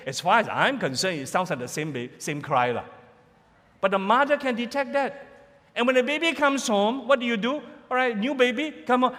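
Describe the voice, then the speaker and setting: A male preacher with a high, very lively voice delivers a sermon in an animated, playful manner. His voice carries a long hall reverb. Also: brisk. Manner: animated, playful, imitates sounds for the crowd.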